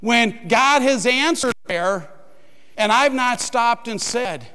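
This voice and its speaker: High-voiced man preaching in a reverberant hall. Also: slow, smooth. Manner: animated, acts out his own panicked voice in quotes. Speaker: pastor. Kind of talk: sermon with humorous storytelling.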